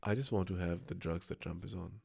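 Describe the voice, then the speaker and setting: A man with a low, gravelly, dark voice chatting casually on a podcast. He rambles eagerly from one idea to the next, full of fillers and false starts. The sound is dry and close. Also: fairly quick, dry recording. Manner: rambling, enthusiastic, with fillers and restarts. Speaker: podcast co-host. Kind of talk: casual conversation.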